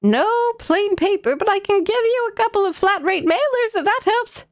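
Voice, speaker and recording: A woman's voice: extremely high pitch, lively intonation, normal speed, voice pushed up. A woman voicing a hip older grandmother at a post office, doting and folksy.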